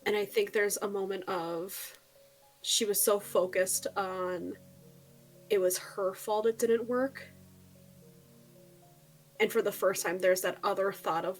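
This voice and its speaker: A woman playing a tabletop game, softly describing her character's inner thoughts. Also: mid-range voice, fairly even intonation, takes it slowly, long pauses, faint music behind. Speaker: player.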